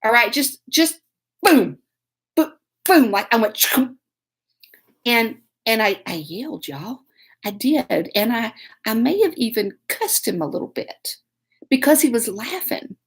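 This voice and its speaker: A woman's voice: on the high side, very animated, a little slow, slightly rough. A woman telling a story to camera in a casual, self-mocking way, laughing often. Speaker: host.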